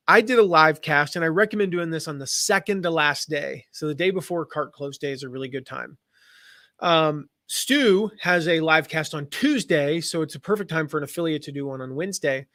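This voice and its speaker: A man's voice: a little high, bright, forceful tone, no echo. Chatty American man, dry close sound. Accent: General American. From American Midwest and South. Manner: chatty, rambling, with fillers and restarts. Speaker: affiliate marketing host. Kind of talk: casual live-stream teaching.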